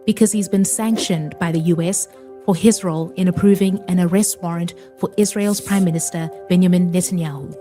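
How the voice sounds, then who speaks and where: A woman narrating a news report in a steady, even voice. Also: lowish voice, brisk, faint music behind.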